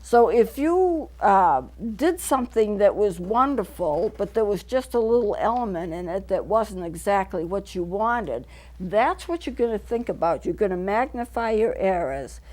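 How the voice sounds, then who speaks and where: A middle-aged woman counselor hosts a local TV talk show, earnestly explaining points to camera in a studio and repeating them for clarity. Her mid-range voice is expressive and a little mellow, at normal speed.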